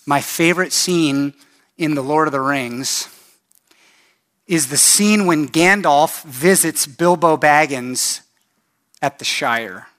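A man's voice: fairly high pitch, slow, fairly bright tone. A male pastor preaching a sermon in an earnest, emphatic storytelling style with pleading appeals.

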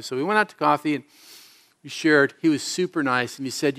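A middle-aged male pastor preaches to his congregation, his voice sitting a touch higher than most men's. He is an earnest storyteller with a streak of self-mocking humor. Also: fairly quick, bright, forceful tone. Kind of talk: sermon. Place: church service before a congregation.

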